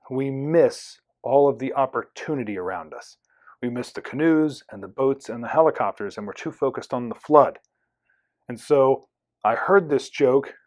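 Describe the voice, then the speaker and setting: A man's voice: mid-range voice, darkish tone. A man hosting a solo podcast, telling a story and earnest lesson. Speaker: podcast host.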